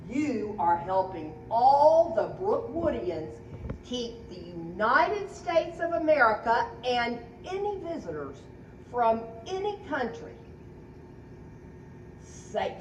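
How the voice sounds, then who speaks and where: A woman hosting a community video, talking in a teasing, animated way to a man and a set of stuffed toys. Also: fairly high pitch, slow pace. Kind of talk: playful skit narration. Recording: echoey, dull, faint background noise.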